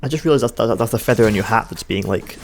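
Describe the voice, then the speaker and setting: A young man with a playful, quick-witted manner, chatting alongside someone playing a game. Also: fairly low pitch, vocal fry, a little hiss or hum. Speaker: games video co-host. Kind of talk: casual let's-play commentary.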